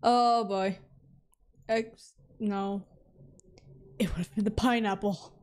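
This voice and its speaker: A woman's voice: mid-range voice, fairly even intonation, slow, darkish tone. A woman streaming a horror game, talking to her chat with jumpy, dramatic reactions and frequent laughs. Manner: talks to chat. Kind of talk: live game commentary.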